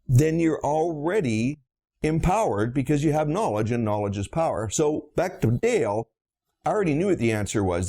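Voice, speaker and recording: Lively, gravelly-voiced dentist lecturing bluntly. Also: male voice, mid-range voice. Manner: blunt, emphatic storytelling with rhetorical questions. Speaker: dentist and practice consultant. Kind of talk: lecture on practice finances.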